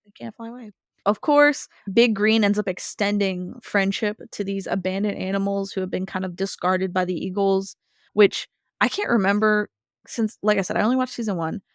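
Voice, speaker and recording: Woman, podcast co-host, casual episode recap, animated, voices characters in passing, mid pitch, dry sound. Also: moderate pace, no echo. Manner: animated storytelling, briefly acting out characters' lines.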